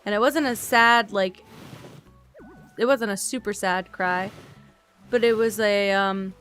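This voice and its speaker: Tired woman, relaxed streamer chat, soft-spoken, rambling, thinking out loud, mid-pitched voice, faint music behind. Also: slow pace. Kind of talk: relaxed casual chat while playing a game.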